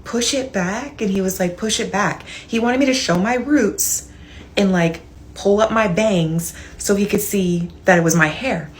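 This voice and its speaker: A woman telling a storytime vlog, animated and incredulous. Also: medium pitch, moderate pace.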